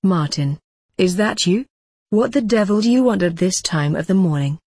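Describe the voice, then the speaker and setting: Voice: mid-range voice, expressive, normal speed, darkish tone, slightly rough, dry recording, studio quality. Narrator as a stubborn dairy farmer. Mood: good-humored. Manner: defensive, insistent.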